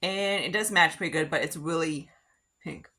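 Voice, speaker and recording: Woman vlogger, lowish voice, rambling casual makeup chat, heavy on "like". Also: moderate pace, bright, forceful tone. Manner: rambling, filler-heavy, frequent "like". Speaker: beauty vlogger. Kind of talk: casual get-ready-with-me chat.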